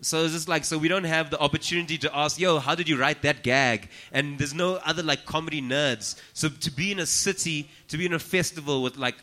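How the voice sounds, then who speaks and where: A man, a comedian talking as a podcast guest in casual, profane, joking chat. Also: fairly high pitch. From South Africa. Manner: profane, joking, animated storytelling.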